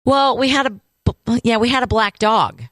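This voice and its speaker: A woman's voice: fairly high pitch, normal speed, fairly bright tone, dry recording, studio quality. A woman co-hosting a casual chat show, playful and teasing, laughing often as she talks about her kids. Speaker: podcast co-host.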